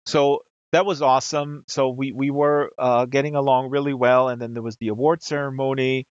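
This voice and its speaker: A man's voice: mid-range voice, little pitch movement, moderate pace, clear, resonant tone, no echo, lo-fi sound. A man from Germany, hosting a livestream and telling a long story to his chat, with lots of fillers and restarts. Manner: rambling, many fillers and restarts. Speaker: livestream host. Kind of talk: casual storytelling to a live chat.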